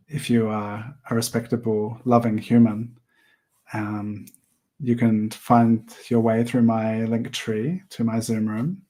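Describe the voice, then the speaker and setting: A man hosting an art livestream, chatting casually while he sketches, rambling with many pauses and small laughs. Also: mid-range voice, darkish tone. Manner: rambling, hesitant, laughs often. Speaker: livestream host and artist.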